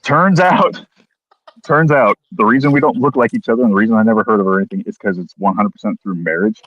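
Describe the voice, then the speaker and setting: A man's voice: fairly low pitch, fairly even intonation, rapid-fire, highs cut off. A man casually telling a crude, funny story, swearing constantly and acting out what people said. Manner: crude, swears constantly, acts out quotes with voices.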